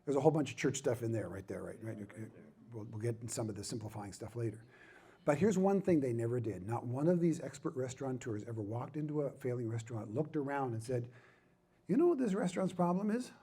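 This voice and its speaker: A man's voice: medium pitch, fast talker, warm tone, slightly rough. A middle-aged man speaking at a ministry conference, with a self-deprecating, joking manner and emphatic repetition. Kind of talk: humorous conference talk.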